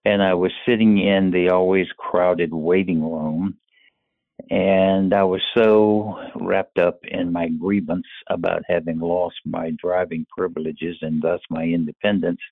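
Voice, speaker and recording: An older man from North Carolina telling a personal story in a slow, measured way. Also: deep voice, gravelly, no room sound. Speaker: caller sharing a personal story. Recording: tinny phone-line recording.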